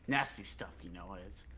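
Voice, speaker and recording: Hearty bragging dragonborn warrior voiced by a man, gruff, bright and loud. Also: lowish voice, expressive, a little slow, voice pushed down. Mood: boastful. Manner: hearty, gruff, self-praising. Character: boastful jovial dragonborn warrior, male.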